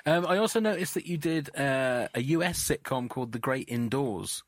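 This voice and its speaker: A man's voice: medium pitch, expressive, normal speed, no echo, clean studio sound. A man co-hosting a podcast, asking questions in an enthusiastic, casual way with fillers. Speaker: podcast co-host. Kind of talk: casual interview chat.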